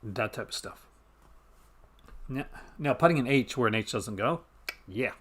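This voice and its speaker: A Newfoundland man with a Canadian accent chats casually on a live stream at a middling pitch, rambling, interrupting himself and chuckling often. His voice is husky and a bit bright, with lively intonation and an unhurried pace.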